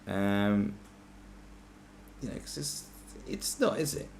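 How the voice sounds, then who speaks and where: Brief: man, low and gravelly, animated sarcastic comedy rant, faint hiss. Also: slow pace. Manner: sarcastic, mocking, lots of restarts. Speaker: podcast host.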